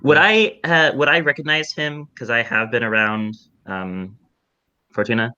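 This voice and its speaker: A man's voice: medium pitch, measured pace, bright, forceful tone, smooth, lo-fi sound. A man playing a tabletop game, describing what his character does in the third person. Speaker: player. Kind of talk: casual tabletop play.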